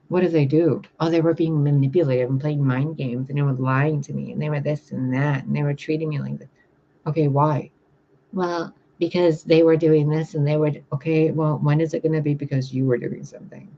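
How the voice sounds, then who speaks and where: A spiritual reader speaking bluntly and profanely in a casual livestream rant, reading out viewer comments and answering them. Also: male voice, on the high side, little pitch movement, fairly quick, gravelly, dark tone, highs cut off, a little hiss or hum.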